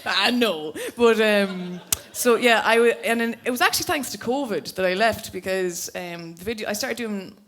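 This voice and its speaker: A woman's voice: mid-range voice, moderate pace, hardly any pauses, fairly bright tone. A twenty-nine-year-old woman with a County Louth Irish accent, a comedian chatting and laughing through stories as a guest on a live podcast. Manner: chatty, laughing, self-mocking storyteller. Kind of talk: casual chat on a live podcast. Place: live show venue.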